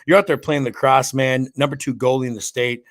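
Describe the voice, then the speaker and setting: A man's voice: mid-range voice, fairly even intonation, a little fast. A man hosting a casual podcast interview, friendly and chatty, saying "dude" and "man" a lot. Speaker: podcast host.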